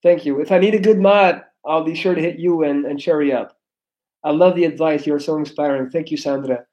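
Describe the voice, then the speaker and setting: A man in his thirties from Belgium with an American accent, chatting loudly and animatedly on a live stream, cussing freely. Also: on the high side, fairly quick, highs cut off. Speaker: livestreamer. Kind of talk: casual live stream chat.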